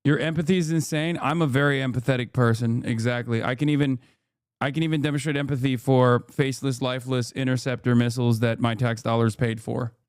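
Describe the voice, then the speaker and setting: A man's voice: mid-range voice, fairly even intonation, brisk, clear, resonant tone, dry recording, clean studio sound. A man doing live stream commentary, sarcastic and profane, rising into angry rants.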